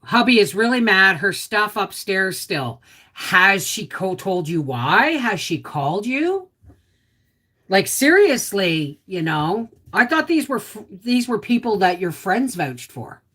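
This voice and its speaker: Chatty woman with a lively voice. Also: mid-range voice, slow pace, slightly rough. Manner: chatty, sympathetic, talks straight to viewers. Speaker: livestream host reading viewer comments. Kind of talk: casual livestream chat.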